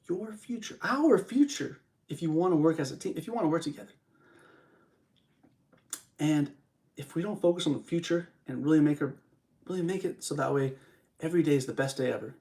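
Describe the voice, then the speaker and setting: A man's voice: a little high, darkish tone. A young man hosting a podcast while live streaming, rambling in a casual motivational monologue, repeating phrases and chatting to his viewers on a studio microphone.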